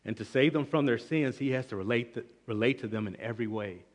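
A man preaching an expository sermon, emphatic, with swings between loud and quiet passages. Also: medium pitch, fast talker. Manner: emphatic, rising and falling in volume, restarts words. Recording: long reverb of a large hall.

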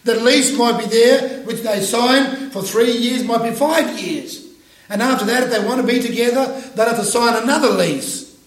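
A man preaching a sermon, swinging between loud emphatic bursts and soft low asides, and reading scripture aloud in a raised voice. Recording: echoey room.

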